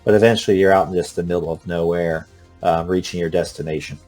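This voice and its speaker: A man runs a tabletop game, describing scenes in a lowish voice. He pauses often on uh and um as he narrates. Faint music plays behind him. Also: steady tone, a little mellow. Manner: halting, full of uh and um. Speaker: game master.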